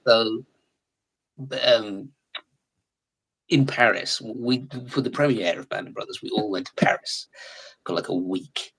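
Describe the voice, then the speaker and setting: An English man telling stories in a casual live chat, animated, laughing often and slipping into other accents. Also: on the low side, a little slow, creaky, pauses often, breathy edge, rough recording. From England. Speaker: actor guest.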